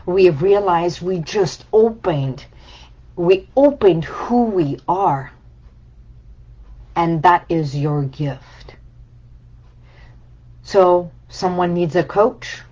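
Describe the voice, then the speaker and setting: A woman's voice: on the low side, a little mellow, dull audio. A woman coach giving a reflective, emotional personal talk about letting go, speaking in short repeated phrases. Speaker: healing coach.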